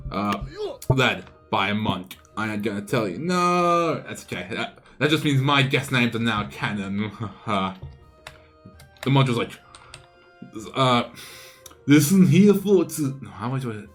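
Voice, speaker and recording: A man streaming live, narrating a game battle as an improvised, playful story with frequent restarts. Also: medium pitch.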